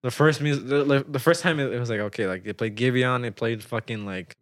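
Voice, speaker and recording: A young man telling stories in a relaxed chat among friends, his voice at an ordinary middle pitch. He rambles, restarts, laughs a lot and swears easily. The sound is dry and close, with no room around it. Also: a little fast, no echo. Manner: rambling storyteller, laughs often, swears casually. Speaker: friend in a casual group chat. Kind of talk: casual chat.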